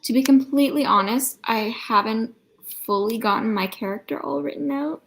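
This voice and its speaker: A woman's voice: fairly high pitch, normal speed, creaky, rough recording. A woman chatting casually on a livestream video call, apologetic and giggly, sitting in a sunlit room at home. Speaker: livestream guest. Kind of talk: casual chat on a writing livestream.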